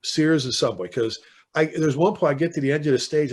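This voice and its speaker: A man's voice: on the high side, brisk, slightly rough. Chicago-accented older man telling stories. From Chicago, United States. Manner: lively storyteller, slips into impassioned rants. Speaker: guest, veteran fire chief. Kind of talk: casual podcast interview.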